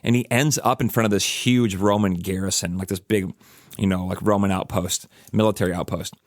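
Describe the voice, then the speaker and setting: A man's voice: low voice, steady tone, a little fast, dry recording, studio quality. A man hosting a reflective podcast, telling a story casually with lots of "like" and "you know". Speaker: podcast host.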